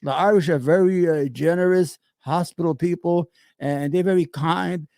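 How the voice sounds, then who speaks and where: A man's voice: a little high, steady tone, moderate pace, vocal fry, warm tone, dry recording. A middle-aged man giving heated, sarcastic commentary on clips he plays, stammering and restarting as he talks. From New York. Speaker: commentary host reacting to clips.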